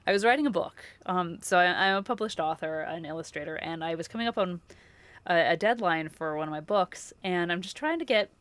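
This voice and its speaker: A woman's voice: fairly low pitch, fairly quick, fairly bright tone, no echo. A woman livestreamer chatting casually with her viewers, effusive and chatty, full of filler words and laughs.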